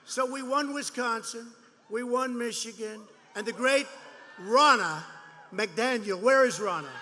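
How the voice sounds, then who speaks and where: A man's voice: very high voice, a little slow, bright, forceful tone. A man giving a rambling, repetitive campaign rally speech to supporters, mocking and boastful. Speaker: politician addressing supporters. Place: large indoor rally venue. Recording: long hall reverb, faint background noise.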